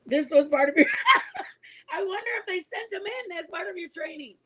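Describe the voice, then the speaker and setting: A woman in her forties, a mother, telling a story to her online viewers in a casual, animated way. She is emphatic and laughs often as she talks. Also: very high voice, fast talker, rough recording. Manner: animated and emphatic, insisting she is not lying.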